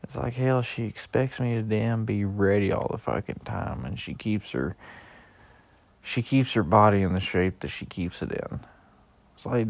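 Slow, profane, griping young man. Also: mid-range voice, gravelly, a little mellow, no room sound. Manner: heavy swearing, griping and exasperated. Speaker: husband venting. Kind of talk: profane personal rant.

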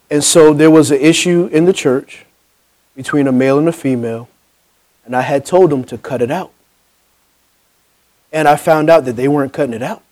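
This rough recording features a New Jersey man with a higher-leaning voice preaching a sermon as pastor. He shifts between punchy, loud bursts and soft, intimate pleading, asking for amens and performing conversations aloud.

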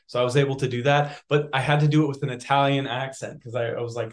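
A man from Canada with a mid-range voice speaks quietly as an actor guest in an interview. He hesitates and restarts his sentences often. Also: medium pitch, steady tone, fast, hardly any pauses. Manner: soft-spoken, hesitant, many restarts. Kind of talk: casual interview chat.

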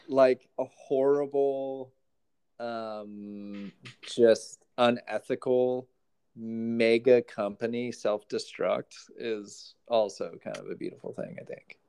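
A man's voice: mid-range voice, steady tone, slow, creaky, darkish tone, smooth. A man co-hosting a podcast in casual chat, wry and teasing, often laughing. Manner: wry, sarcastic, laughs easily. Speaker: podcast co-host.

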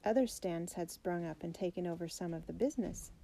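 A woman reading a children's biography aloud in a steady, clear storybook narration. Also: fairly low pitch, fairly quick, a little hiss or hum, poor audio. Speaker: audiobook reader.

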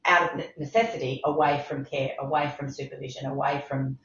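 A woman's voice: very deep voice, fairly even intonation, fairly quick, a bit bright, slight background noise. Woman, middle-aged, emphatic, repeats for stress, roomy recording. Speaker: medical director, interview guest. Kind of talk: podcast interview. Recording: roomy, slightly dull sound.

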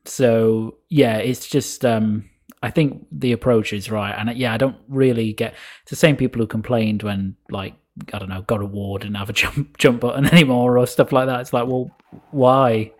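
A man co-hosting a casual game chat, hesitant with many ums and trailing off quietly. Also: medium pitch, normal speed. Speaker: podcast co-host.

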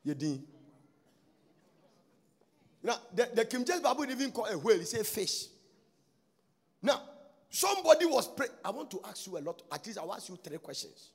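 A man preaching a sermon, breaking into sudden shouts and sing-song lines. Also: high voice, animated, fairly quick, slightly rough.

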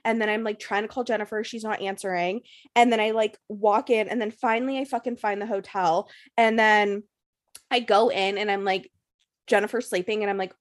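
A woman's voice: mid-range voice, fairly even intonation, brisk. A young woman telling a story in a casual chat, swearing freely and filling her talk with "like". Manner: profane, breathless storytelling full of "like" fillers.

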